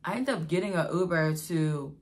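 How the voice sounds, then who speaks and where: A woman's voice: on the low side, lively intonation, moderate pace. Exasperated woman telling a storytime. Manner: emotional, exasperated, addresses viewers as y'all. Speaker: vlogger telling a personal story. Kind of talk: storytime vlog.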